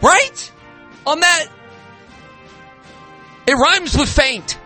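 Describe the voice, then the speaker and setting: A man's voice: very high voice, huge pitch swings, very slow, pauses often, bright, forceful tone, soft background music. A man hosting a sports talk show, ranting in exasperation with frequent restarts. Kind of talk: casual sports talk rant.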